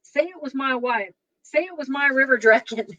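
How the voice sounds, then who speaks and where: A man's voice: extremely high pitch, normal speed, bright, forceful tone, dry recording, lo-fi sound, voice pushed up. A woman voicing a hot-tempered young husband who blusters and threatens. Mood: furious.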